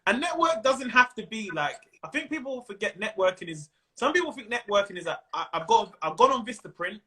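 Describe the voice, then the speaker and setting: Lively London man, bright and high. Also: fairly quick. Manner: animated, slips into character voices and slang. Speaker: comedian guest. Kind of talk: casual interview chat. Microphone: Instagram live stream.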